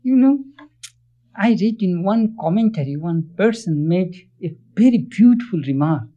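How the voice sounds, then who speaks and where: A man with a high voice delivers a spiritual discourse, earnest and questioning, turning often to his listeners. The recording is dull and lo-fi. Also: mellow. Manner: earnest, questions listeners, chants Sanskrit verses quickly. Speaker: spiritual teacher. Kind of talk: religious discourse.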